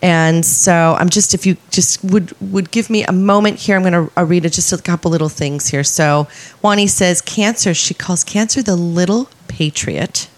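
A woman co-hosting a casual podcast, speaking in a gushing, affectionate way and sometimes reading passages aloud slowly. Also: fairly low pitch. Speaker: podcast co-host. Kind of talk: casual chat.

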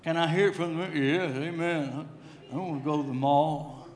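A middle-aged male preacher tells a humorous story from the pulpit, circling back over his own words. His voice sits fairly high for a man. The sound echoes through a church sanctuary. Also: fairly even intonation, normal speed. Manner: storytelling with humor, repeats himself. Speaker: pastor. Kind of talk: sermon.

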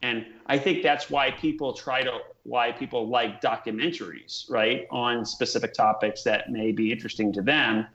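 A man's voice: medium pitch, steady tone, normal speed, few pauses, fairly bright tone, echoey room, lo-fi sound. A man co-hosting a podcast in casual chat, reflective and hesitant. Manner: reflective, hesitant, many fillers. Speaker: podcast co-host.

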